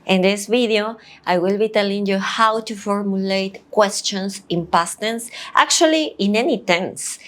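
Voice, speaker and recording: A woman whose first language is Spanish teaches an online language lesson, repeating each example slowly and deliberately. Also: mid-range voice, fairly bright tone.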